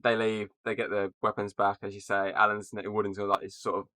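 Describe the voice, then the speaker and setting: A man's voice: on the low side, level tone, brisk, sharp tone, dry recording. A man co-hosting a podcast, casually recapping a film, laughing often and leaning on "obviously". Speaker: podcast co-host.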